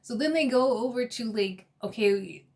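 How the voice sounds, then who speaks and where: A woman giving a casual, gossipy recap of a reality TV episode, chatty and quick to laugh. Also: on the high side, a little mellow.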